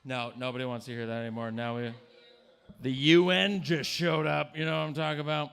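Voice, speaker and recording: A man's voice: medium pitch, little pitch movement, brisk, vocal fry, a bit bright. A man doing a crude, provocative stand-up set in a comedy club. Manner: crude, provocative, jumps into mocking voices.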